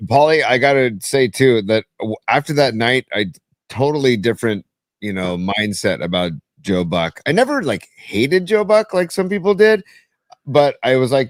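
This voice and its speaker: A man's voice: mid-range voice, sing-song, moderate pace, no room sound. A man with a mid-range voice chats eagerly about baseball as a podcast co-host. His voice sits close to the mic and sounds dry. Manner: chatty, enthusiastic, fillers like "dude". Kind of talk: casual sports talk.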